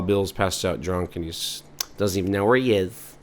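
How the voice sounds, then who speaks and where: A man hosting a podcast, rambling through an improvised comic monologue in a meandering, deadpan way. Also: deep voice, normal speed. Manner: meandering, deadpan, many fillers. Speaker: podcast host.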